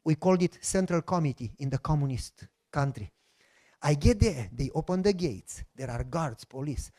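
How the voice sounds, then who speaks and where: Romanian-accented pastor telling a lively story. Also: male voice, fairly high pitch, moderate pace. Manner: animated storyteller who acts out voices. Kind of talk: sermon testimony storytelling.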